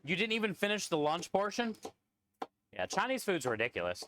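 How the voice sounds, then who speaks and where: A man in a joking, casual live-stream chat, talking with viewers as he cooks. His voice sits somewhat high for a man and sounds dry and close, with little room echo. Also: sing-song, fairly quick, fairly bright tone. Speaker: streamer and food truck cook.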